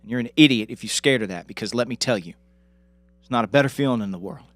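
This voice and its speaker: A man's voice: medium pitch, quick pace, fairly bright tone, no room sound, pitched below the performer's own voice, natural voice. A man reading the part of a bitter, injured young ex-quarterback who bluntly drills and scolds a teammate in a script read-through. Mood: lecturing. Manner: blunt, scolding, tough-love pep talk.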